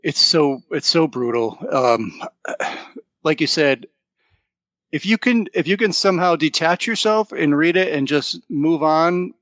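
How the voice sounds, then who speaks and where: A man co-hosting a casual podcast chat, retelling a story with lively quoted lines and laughter. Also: fairly high pitch, a little slow, no echo. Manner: animated retelling, quoting characters with laughs. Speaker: podcast co-host.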